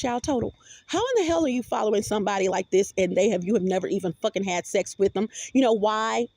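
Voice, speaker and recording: A woman's voice: fairly high pitch, creaky, a little mellow, no echo. A woman vlogger in a rambling, profane monologue with many restarts, recorded on a phone.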